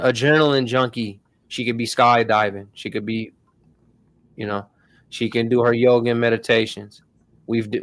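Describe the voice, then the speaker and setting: A man's voice: mid-range voice, dry recording. Slangy man hosting a tech stream. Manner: loose, slangy, addresses viewers as y'all. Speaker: host. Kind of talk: casual tech tutorial livestream.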